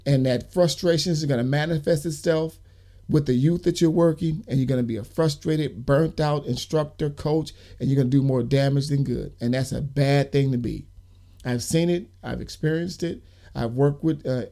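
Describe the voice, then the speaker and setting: A man's voice: fairly high pitch, mellow. A man hosting a podcast, speaking earnestly about youth work in an emphatic monologue full of lists and repeated key words. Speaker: podcast host and youth worker.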